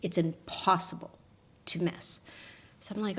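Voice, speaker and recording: A woman, a podcast guest telling a personal story with lively voice shifts for the people in it. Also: lowish voice, moderate pace, gravelly. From Canada. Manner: acts out quotes with lively voice shifts and laughs.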